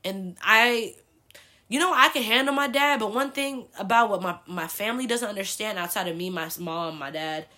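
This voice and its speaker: A woman in her twenties hosting a podcast, telling a personal story in a casual, animated way, swearing freely and leaning on "like" a lot. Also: normal speed. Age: 20s. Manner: acts out quoted people with big pitch jumps. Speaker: podcast host.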